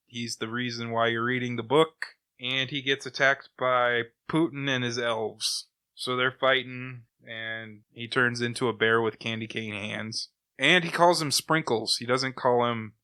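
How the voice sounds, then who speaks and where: Man, podcast co-host, bright tone, smooth clear voice, animated casual recap. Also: mid-range voice. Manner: animated plot retelling with chuckles. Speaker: podcast co-host reviewing comics. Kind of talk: casual chat.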